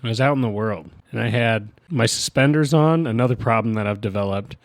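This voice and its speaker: A man's voice: medium pitch, a little fast, no echo. A man co-hosting a podcast, telling self-mocking stories in casual chat. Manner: jokey, self-mocking storyteller. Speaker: podcast co-host.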